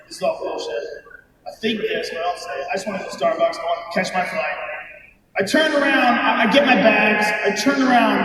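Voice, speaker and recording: A man doing a profane, loud stand-up routine on a big indoor arena stage, often shouting his punchlines into a handheld mic. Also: high-pitched, noisy background. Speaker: stand-up comedian. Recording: echoey arena from far off with loud crowd. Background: big crowd laughing.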